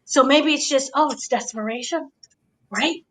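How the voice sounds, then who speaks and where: A woman hosting a casual review chat, giving an excited blow-by-blow recap and checking in with her listeners. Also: sits high, unhurried, slight background noise, rough recording. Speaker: podcast host.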